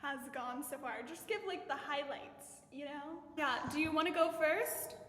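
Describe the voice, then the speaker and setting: A woman's voice: high-pitched, normal speed, fairly bright tone. A young woman in college, chatting casually and telling a story in a bubbly way, with lots of "like". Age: young adult. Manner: bubbly storytelling, heavy use of "like". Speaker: college student vlogger. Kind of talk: casual chat. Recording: roomy echo with long reverb.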